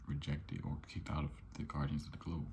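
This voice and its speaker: Deep gravelly ASMR comic reader. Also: male voice, level tone, brisk, darkish tone, slight background noise. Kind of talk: ASMR comic book reading.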